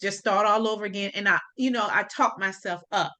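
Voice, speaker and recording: A woman hosting a podcast in relaxed, chatty conversation, often agreeing with her guest. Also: medium pitch, fairly quick. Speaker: podcast host. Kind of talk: casual podcast chat.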